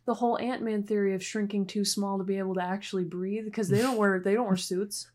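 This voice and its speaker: A woman's voice: medium pitch, steady tone, a little fast, crowd noise. Giggly woman in casual chat. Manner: giggly, wondering aloud, asks questions. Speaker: podcast co-host.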